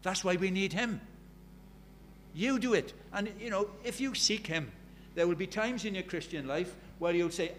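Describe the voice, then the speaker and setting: A man's voice: sits high, normal speed, a little hiss or hum. A man preaching a sermon, telling stories in a conversational way and building to urgent emphasis.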